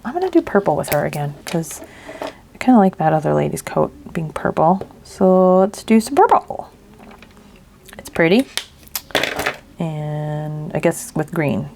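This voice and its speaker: A woman narrates her crafting in an unhurried, gravelly voice, half-whispering and mumbling her thoughts aloud. Her talk is casual and chatty. A faint hiss sits behind her. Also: fairly low pitch, a little mellow. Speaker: craft video host.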